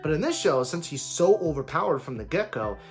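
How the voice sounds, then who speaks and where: Casual male vlogger, very expressive pitch, blunt and sweary, guitar music underneath. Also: fairly quick. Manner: animated, swears freely, mimics characters in silly voices. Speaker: anime commentary vlogger. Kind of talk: casual opinion rant.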